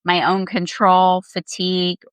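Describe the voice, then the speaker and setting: A woman child therapist hosting a show, giving scripted parenting advice in a calm, gentle, measured way. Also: fairly low pitch, smooth, no room sound, rough recording. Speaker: child therapist and podcast host.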